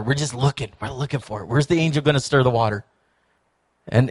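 A man preaching a sermon in a church, telling stories and acting out quoted voices. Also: medium pitch. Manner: storytelling, animated, acts out quoted voices. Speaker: pastor.

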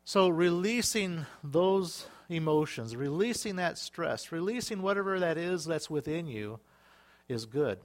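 A man preaching a sermon to his church, lively and conversational, bursting into exclaimed hallelujahs and acting out little quoted exchanges. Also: fairly high pitch, a little slow. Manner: animated, with sudden exclaimed hallelujahs and acted-out quotes. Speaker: pastor.

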